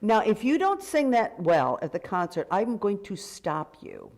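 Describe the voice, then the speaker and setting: A woman's voice: mid-range voice, very animated, measured pace, darkish tone, a little hiss or hum. A woman directing a choir rehearsal. She gives direct commands and breaks into sung phrases to demonstrate. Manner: sings short phrases to demonstrate.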